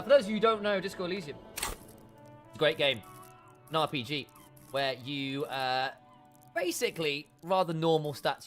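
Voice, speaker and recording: A man's voice: a little high, a bit bright. A man streaming a game live, chatting casually to viewers and muttering to himself while he fiddles with his settings.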